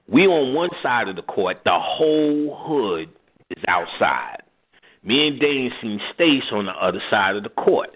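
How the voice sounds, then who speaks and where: A man with a New York accent, hosting a radio show and telling a story in a casual way, acting out the other voices. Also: fairly low pitch. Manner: animated, acts out voices and laughs. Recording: phone-like lo-fi audio.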